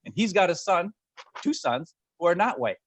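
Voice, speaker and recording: A man's voice: sits high, big pitch swings, husky. A man co-hosting a casual podcast chat, passionate and easily fired up. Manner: fired-up, passionate, talks fast. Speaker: podcast co-host.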